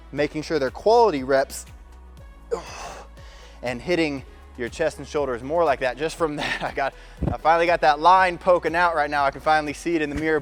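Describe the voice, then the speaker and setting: At the gym, a fitness coach with a fairly high voice gives casual workout instructions. He talks while demonstrating exercises, sometimes sounding slightly strained from the effort.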